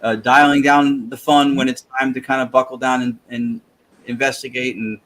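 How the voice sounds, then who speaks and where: Man host, casual chat, halting restarts, middle pitch. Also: little pitch movement, fairly bright tone. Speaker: show host.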